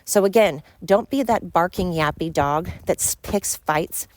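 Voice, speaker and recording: A woman's voice: lowish voice, measured pace, darkish tone. A woman hosting a podcast, ranting bluntly and fired up, swearing freely. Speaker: podcast host. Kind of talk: opinionated podcast rant.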